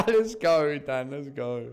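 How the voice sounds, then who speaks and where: Chatty English man streaming slots. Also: mid-range voice. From southeast England. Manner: laid-back, chatty, calls viewers mate and bro. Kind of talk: casual live-stream chat reading viewer messages.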